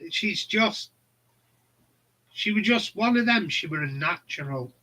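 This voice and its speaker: A man's voice: high-pitched, expressive, measured pace, sharp tone, low-quality recording. A middle-aged man, chatting casually and bluntly, rambling through funny stories. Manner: rambling, blunt, laughs at his own stories. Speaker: channel host. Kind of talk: casual chat.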